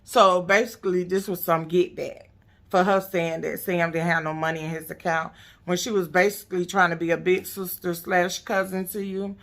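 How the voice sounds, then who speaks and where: A woman's voice: on the low side, fairly even intonation, moderate pace, a bit bright. A woman casually recapping a reality TV episode, blunt, profane and sassy.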